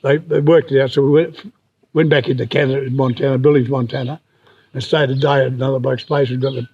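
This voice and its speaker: A man's voice: medium pitch, fairly even intonation, quick pace, slightly rough. An older Australian man telling rambling anecdotes in a casual interview, slipping into the voices of the people he quotes. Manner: rambling yarn-spinner, acts out quoted voices. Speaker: interview guest. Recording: dull lo-fi recording.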